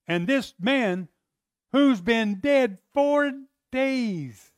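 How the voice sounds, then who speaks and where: A man preaching a sermon, emphatic and conversational, swinging from loud to hushed and acting out scenes. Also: very high-pitched, animated, slow pace, clear, resonant tone, no room sound, studio quality.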